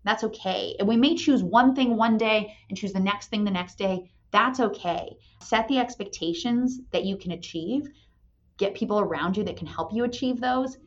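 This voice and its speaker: A woman's voice: mid-range voice, normal speed. Candid storytelling woman, lo-fi sound. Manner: candid, storytelling, frequent "right?". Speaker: company president and mother. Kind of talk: motivational talk. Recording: dull lo-fi sound.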